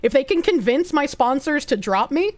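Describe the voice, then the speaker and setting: A woman's voice: high voice, animated, normal speed. A woman streamer chatting casually and reading viewer messages aloud, blunt, swearing a lot and laughing often.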